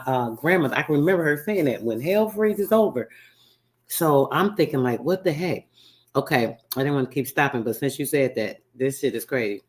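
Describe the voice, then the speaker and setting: A man hosting a radio show, casually reacting to a recording he plays, thinking aloud and excitable, with asides and restarts. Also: medium pitch.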